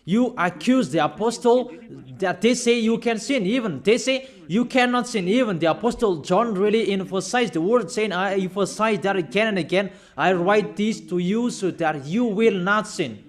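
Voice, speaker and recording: High-voiced man preaching emphatically. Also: expressive, a little slow. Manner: emphatic, repetitive preaching, reads out verses. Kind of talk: sermon.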